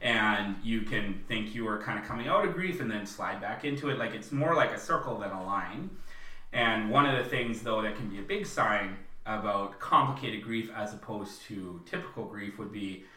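A man co-hosting a podcast, chatting casually and acting out film lines in a high voice. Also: animated, moderate pace, sharp tone. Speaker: podcast co-host. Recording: roomy, distant mic.

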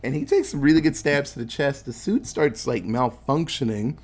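A man's voice: mid-range voice, normal speed. A man casually recapping a film plot, swearing freely and acting out the characters' lines as he tells it. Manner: animated storytelling, acting out quotes. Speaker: podcast co-host recapping a film. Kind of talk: casual chat, profane movie recap.

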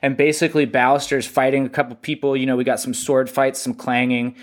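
Guy cohosting a podcast, excited, walks through comic scenes step by step. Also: medium pitch, fairly quick. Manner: enthusiastic, retells scenes in detail. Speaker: podcast co-host. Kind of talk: casual chat about a comic.

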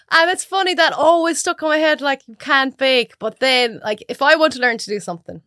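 A woman with an Irish accent, a cook chatting as a podcast guest, telling animated stories and acting out other people's voices. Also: sits high, normal speed, no echo, clean studio sound. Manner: animated storyteller who acts out voices. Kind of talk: casual chat.

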